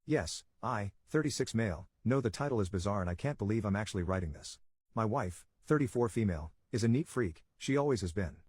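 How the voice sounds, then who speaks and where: A man narrating a reddit story in a quick, steady storytelling delivery. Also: fairly low pitch, slightly rough.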